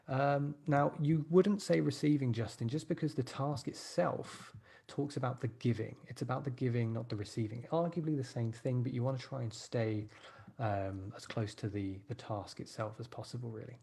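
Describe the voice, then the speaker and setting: Gravelly-voiced man teaching a writing class. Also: medium pitch, fairly quick, mellow. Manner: encouraging, thinks aloud while typing. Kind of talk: live online class.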